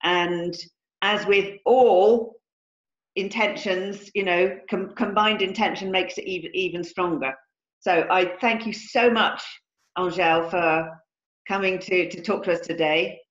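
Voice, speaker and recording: A woman's voice: medium pitch, unhurried, roomy sound, muffled recording. A woman hosting an interview, effusive and often restarting her sentences. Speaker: host. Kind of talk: interview chat.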